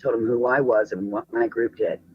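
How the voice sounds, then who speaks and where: A man calmly recounting a past ordeal in a matter-of-fact way. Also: lowish voice, normal speed, slightly rough, highs cut off. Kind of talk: personal recollection.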